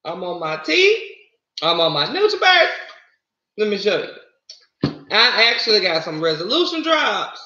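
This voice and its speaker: Chatty Southern woman, bright roomy sound. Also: mid-range voice, very animated, unhurried, long pauses. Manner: chatty, folksy, calls viewers honey and y'all. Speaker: livestreamer greeting viewers. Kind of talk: casual live-stream chat. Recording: roomy, slightly dull lo-fi sound.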